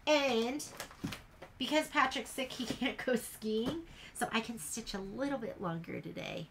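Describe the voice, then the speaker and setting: A woman's voice: on the high side, a little slow, a bit bright. A woman teaching a casual sew-along in her sewing room, chatty and rambling as she works. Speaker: sewing instructor.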